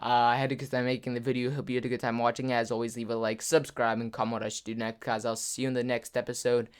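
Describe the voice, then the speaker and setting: A man telling a personal story in a casual vlog, his voice sitting in a middle pitch. He rambles and restarts, sprinkling "like" through every sentence, and slips into other people's voices when he quotes them. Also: little pitch movement, fast talker, clear, resonant tone. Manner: rambling, filler-heavy, says "like" constantly. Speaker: gaming YouTuber.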